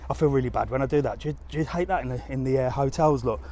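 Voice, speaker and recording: A man with a mellow, mid-range voice live-streams as a travel vlogger, walking by a harbour outdoors. He chats casually to his audience, rambling through stories and often laughing.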